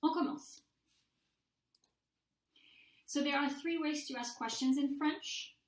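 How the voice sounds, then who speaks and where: A woman's voice: sits high, takes it slowly. A woman, a language instructor, recording a mini-lecture and patiently modeling example sentences aloud. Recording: echoey room.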